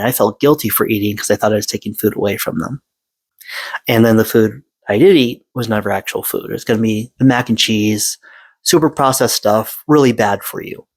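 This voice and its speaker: A man in his forties speaks straight into a close mic, earnest and halting, stopping and restarting often. The sound is dry and close, with no room behind him. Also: on the low side, dry recording, low-quality recording. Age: 40s. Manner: halting, with many fillers and restarts. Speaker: vlogger sharing personal story. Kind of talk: earnest personal monologue.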